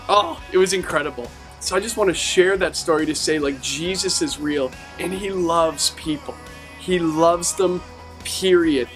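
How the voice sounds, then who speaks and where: A man from a youth ministry team tells a personal testimony and acts out the people he quotes in a lively way. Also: a little high. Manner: animated storyteller acting out quotes.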